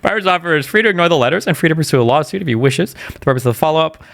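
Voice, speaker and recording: A man's voice: a little high, lively intonation, gravelly, a bit bright. A man hosting a casual podcast, reading documents aloud and skimming past parts. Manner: rapid, reads documents aloud, skims with blah blah. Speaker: podcast host.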